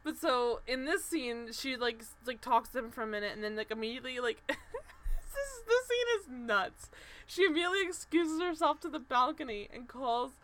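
Her voice sits high and sounds fairly bright and animated at a normal speed. She's a podcast co-host recapping a TV show in loose, lively chat full of fillers, voicing characters' lines as she goes.

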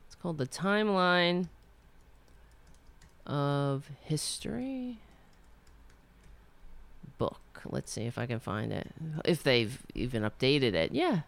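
A woman's voice: fairly low pitch, no echo. A woman telling a personal story in a rambling, indignant way, swearing and trailing off.

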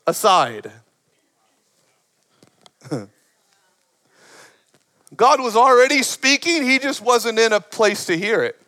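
A man preaching a sermon with passion, rising to shouts and dropping in short laughs between points. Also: high voice, very animated, unhurried, pauses often. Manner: impassioned preaching that builds to shouts. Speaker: pastor.

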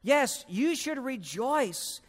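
A man's voice: very high voice, very animated, takes it slowly, long reverb tail, voice pushed up, full character voice. A man preacher voicing an imprisoned apostle who urgently pleads with his followers to share his joy. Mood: pleading.

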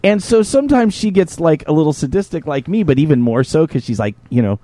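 A man hosting a podcast, telling stories in a profane, animated casual chat. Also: fairly high pitch, fast talker, no echo. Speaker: podcast host.

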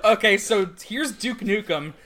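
A man co-hosting a casual comic read-through, with animated, giggly commentary. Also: sits high, unhurried, crowd noise. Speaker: podcast co-host.

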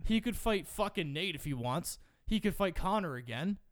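A young man co-hosting a casual podcast, swearing freely and excitable as he argues about fighters. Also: high voice, no echo, studio quality. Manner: fast, profane, excitable banter. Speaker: podcast co-host.

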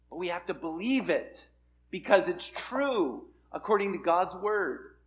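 Male pastor, sermon, high voice, slow deliberate delivery, earnest and emphatic. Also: expressive, a bit bright. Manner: earnest, builds to emphatic peaks, laughs at himself.

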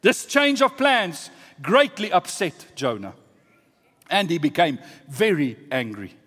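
A man preaching a sermon, telling a story that swings from hushed asides to loud exclamations. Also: a little high, sing-song, takes it slowly, slightly rough. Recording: long hall reverb.

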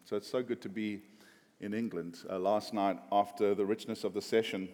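A man's voice: on the low side, fairly even intonation, normal speed, darkish tone. A man preaching a conversational sermon, joking and chatty with frequent fillers. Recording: long hall reverb.

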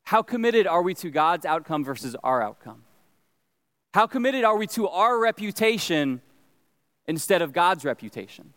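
Man, pastor, sermon, earnest chatty delivery, stumbling restarts, high voice, long hall reverb. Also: very animated, moderate pace, fairly bright tone. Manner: earnest, conversational, frequent restarts and stammered repeats.

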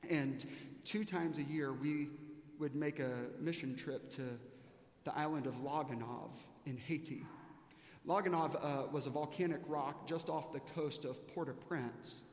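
A male pastor preaching a sermon, telling a story emphatically with pauses and fillers. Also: on the high side, darkish tone. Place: large church sanctuary. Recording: echoey church hall with long reverb.

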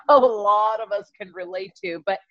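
A woman co-hosting a podcast in casual chat, animated and quick to laugh. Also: mid-range voice, no room sound, highs cut off. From South Asian community. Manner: animated, laughs easily, emotional. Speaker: podcast co-host.

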